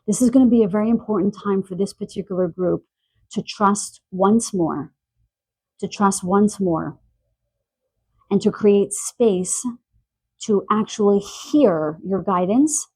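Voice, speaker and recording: A woman giving a spiritual pick-a-card reading, gentle and searching, relaying messages with pauses and fillers. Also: medium pitch, husky, no echo, poor audio. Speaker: tarot card reader. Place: quiet room in the evening.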